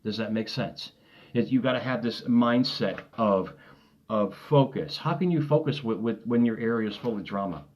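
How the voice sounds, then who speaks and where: A man's voice: on the low side, normal speed, a little mellow. Upbeat rambling man, lo-fi sound. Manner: rambling, upbeat, laughs often, repeats himself. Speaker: motivational coach. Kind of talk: early-morning motivational live stream. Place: home desk.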